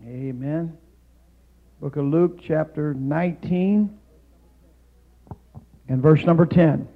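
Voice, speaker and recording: A male guest preacher and missionary giving a Pentecostal sermon in a church, climbing to shouted peaks, then dropping into calm storytelling, with "amen" and "hallelujah" scattered throughout. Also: a little high, creaky, narrow, tinny audio. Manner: fills pauses with "amen" and "hallelujah". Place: church sanctuary.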